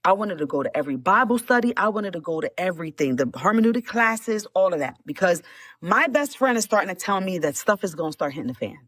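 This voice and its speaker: Animated middle-aged woman, dry sound. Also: lowish voice, quick pace, dry recording. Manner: animated, repeats words, laughs often. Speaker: guest giving a testimony. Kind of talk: emotional storytelling.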